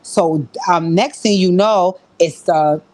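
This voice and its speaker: A woman recapping a TV episode in a casual, animated way, full of profane slang. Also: fairly low pitch, slow. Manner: acts out quoted lines in shifting voices.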